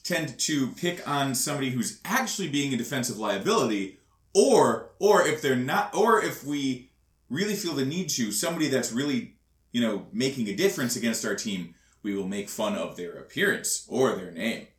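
A man's voice: mid-range voice, animated, moderate pace. A man co-hosting a podcast in casual chat, making dry joking asides. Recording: echoey room.

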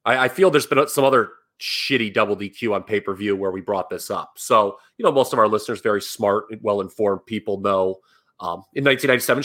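Medium in pitch and a little bright, this man co-hosts a casual wrestling podcast. He's critical and emphatic, cursing as he rants about how a match ended.

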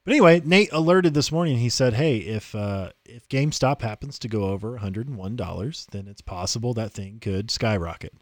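A man co-hosting a morning talk podcast, chatting casually and pitching sign-ups. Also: lively intonation, a little fast, few pauses, dry recording, studio quality. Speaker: podcast co-host. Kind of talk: casual promo chat.

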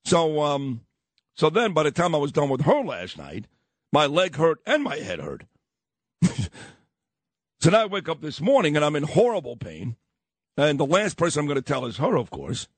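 A man, hosting morning talk radio and telling stories with lively voiced quotes. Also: on the high side, moderate pace, pauses often, slightly rough, no room sound. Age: 50s. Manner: animated storytelling with voiced quotes. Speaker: radio host.

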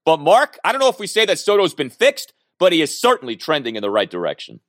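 A man co-hosting a casual baseball talk show, talking in an animated, emphatic way. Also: a little high, quick pace, no room sound, clean studio sound. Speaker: baseball podcast co-host.

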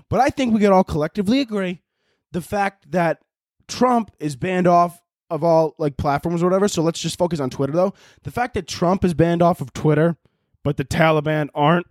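A young man with a high voice hosts a comedy podcast in a loose, profane rant. His pitch shoots up whenever a point gets to him. The sound is close and dry, with no room around it. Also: dry recording. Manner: swears a lot, voice jumps high when worked up. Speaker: podcast host.

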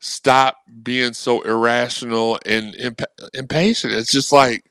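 A man talks sports on a podcast, animated and rambling, and slips into quick impressions of anxious fans as he tells his stories. His voice is smooth and resonant. The recording is close and dry, with no room sound. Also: medium pitch, dry recording, rough recording. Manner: animated, rambling, acts out fan messages. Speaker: guest co-host. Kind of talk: casual sports podcast chat.

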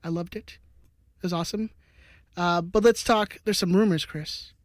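A man with a high, light voice hosts a casual sports podcast, teasing his co-hosts and reading out viewer comments. The sound is dry and close, with no room echo. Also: fairly even intonation, moderate pace. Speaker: podcast host.

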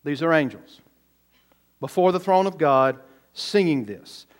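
A man's voice: a little high, animated, measured pace. A man preaching a sermon, emphatic, asking the congregation rhetorical questions and stressing words by repeating them. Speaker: pastor.

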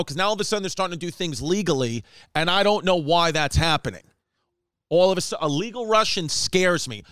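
Here a man delivers a loose comic monologue at a brisk, lively clip, performing the quoted lines and dropping in bits of Spanish. His fairly high voice comes across clean and smooth. It's miked closely and dry, without any audible room.

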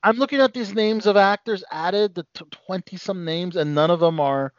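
A man's voice: high voice, normal speed, clear, resonant tone, dry recording. A man hosting a casual entertainment news chat, reading out items and laughing along. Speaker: host. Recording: dry, dull lo-fi sound.

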